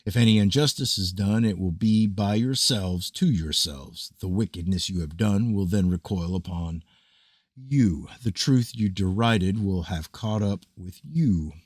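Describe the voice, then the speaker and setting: A man giving a grave, measured, declamatory reading of an ancient scripture. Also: lowish voice, darkish tone, husky, dry recording, studio quality.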